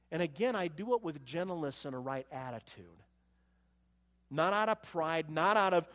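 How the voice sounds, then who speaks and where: High-voiced man preaching in a hall. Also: animated, moderate pace. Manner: storytelling, quoting scripture, voices rising for emphasis. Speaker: pastor. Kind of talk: sermon.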